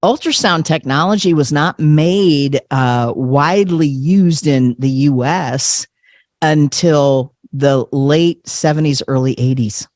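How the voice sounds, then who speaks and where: Animated man telling a personal story. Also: on the high side, takes it slowly, no room sound, clean studio sound. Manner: animated, acts out voices, laughs often. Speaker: podcast guest. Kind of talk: personal storytelling in casual chat.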